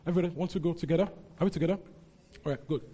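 A man teaching from the Bible to a congregation, lively and often breaking into mock outrage as he retells a story. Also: a little high, very fast. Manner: animated, rising into mock outrage when voicing characters. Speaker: preacher.

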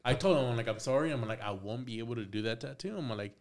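A young tattoo artist, appearing as a podcast guest, spins a lively, loose story in casual storytelling mode. He voices every part of the dialogue himself, swears often, and slips into bits of Spanish, talking rapid-fire at medium pitch.

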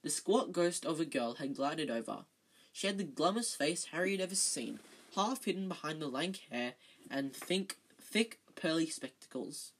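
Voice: mid-range voice, lively intonation, normal speed, slightly rough. Stumbling, chatty amateur reader of a novel. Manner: stumbling, self-correcting, chatty asides. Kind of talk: reading a novel aloud.

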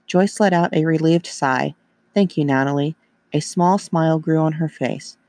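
A man narrating a story in a steady, even reading voice. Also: a little high, moderate pace, gravelly, dry recording.

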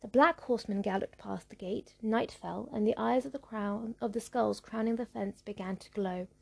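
A woman narrating a folktale in a measured, rhythmic storybook reading. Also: medium pitch, creaky, breathy edge.

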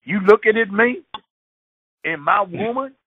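A man voicing a jealous, hot-tempered man who makes loud threats while showing off for his woman. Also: sits high, lively intonation, measured pace, slightly rough, no room sound, pitched above the performer's own voice, full character voice. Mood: threatening. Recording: tinny dry phone line.

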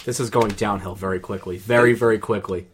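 A man's voice: on the low side, fairly even intonation, brisk, background noise. A man, co-hosting a podcast in casual chat, joking and rambling with crude humor. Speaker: podcast co-host.

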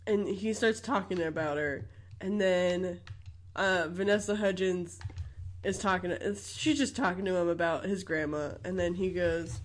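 A woman's voice: fairly low pitch, a little slow. A woman co-hosting a podcast, recapping a movie in casual chat, laughing often and acting out the characters' lines. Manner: laughs often, acts out quotes. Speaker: podcast co-host.

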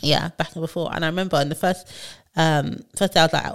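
A woman co-hosting a podcast, telling animated stories in casual chat and acting out what people said. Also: on the low side, very fast, gravelly. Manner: animated storyteller, acts out quotes. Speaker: podcast co-host, HR worker.

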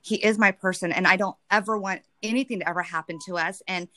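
A woman's voice: lowish voice, fairly even intonation, quick pace, pushed and bright. A woman talking candidly and emotionally in a casual chat, rambling with many restarts.

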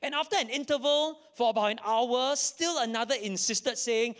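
A man's voice: very high voice, normal speed, hardly any pauses, a bit bright. A man preaching a sermon to a live audience, reading scripture dramatically and repeating key lines for emphasis. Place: church in front of an audience.

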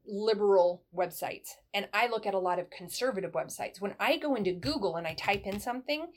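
Middle-aged woman, ex-military guest, lively conversational storyteller. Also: medium pitch, brisk. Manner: animated storyteller, acts out dialogue in a brighter voice. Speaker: guest, former military first sergeant. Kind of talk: conversational advice in an interview.

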